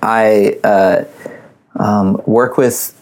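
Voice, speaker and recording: A man talking as a guest on a casual podcast chat, halting and stammering as he starts his sentences. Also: on the low side, fairly even intonation, darkish tone.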